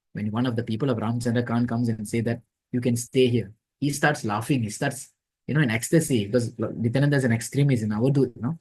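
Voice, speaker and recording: A man's voice: mid-range voice, darkish tone, breathy edge, low-quality recording. A man teaching an online devotional class, telling scripture stories and acting out the dialogue. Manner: storytelling, acting out quoted dialogue. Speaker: lecturer. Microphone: online class audio.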